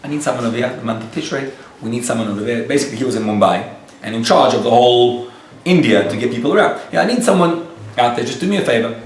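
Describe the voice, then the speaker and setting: A man who is a rabbi tells a story to a live audience in a lively way and acts out the dialogue. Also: medium pitch, fast talker, a little hiss or hum. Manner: animated storyteller acting out quoted dialogue. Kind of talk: storytelling lecture. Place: lecture room with a live audience. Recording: echoey room, picked up from a distance.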